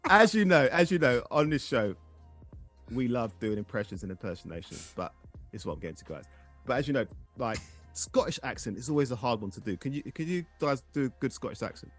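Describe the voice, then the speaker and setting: Lively excitable male podcast host. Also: mid-range voice, moderate pace, faint music behind. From England. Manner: excitable, directs the game, laughs often. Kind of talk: casual chat.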